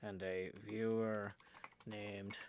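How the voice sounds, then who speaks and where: A man's voice: lowish voice, level tone, very slow, gravelly, noisy background. A tired man running a live game stream, reading chat messages aloud and bantering with viewers at a desk microphone. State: tired, low on energy.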